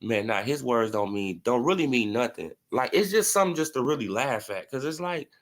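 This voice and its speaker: Medium-pitched with lively intonation, a man talks a little fast as he hosts a casual boxing commentary stream. His manner is mocking and full of swearing, and he laughs often while answering chat.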